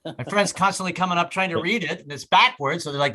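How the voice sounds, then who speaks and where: A man doing a stand-up comedy set on a club stage, stammering through restarts and hitting his punchlines loudly. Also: high-pitched, fast talker. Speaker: stand-up comic.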